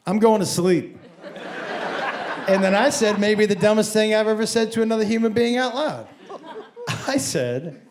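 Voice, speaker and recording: A man doing stand-up on a stage, telling a story in a profane, animated way and acting out both sides of the talk, with sudden yelps. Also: high-pitched, moderate pace, noisy background. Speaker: stand-up comedian. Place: comedy stage before a live audience.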